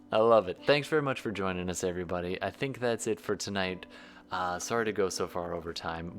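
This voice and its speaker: This man runs a tabletop game for his players in a low, easy voice. He talks casually and warmly apologetic, narrating scenes between banter. Soft music plays quietly beneath him. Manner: relaxed, apologetic, chatty narration. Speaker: game master. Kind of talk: running a tabletop game on a livestream.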